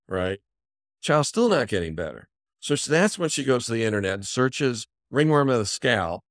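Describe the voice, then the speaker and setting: A middle-aged physician guest telling an animated story in a conversational interview, acting out the people he quotes. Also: medium pitch, dry recording, clean studio sound. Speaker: physician and company founder, podcast guest.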